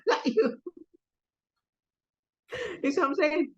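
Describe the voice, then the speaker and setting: A woman's voice: takes it slowly, long pauses. A young woman with a London accent, chatting as a comedian guest on a podcast. She tells stories with lots of energy and acts out the voices of the people in them. The recording sounds a bit muffled. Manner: animated storyteller, voices quoted people, lively pitch jumps. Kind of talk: casual podcast interview.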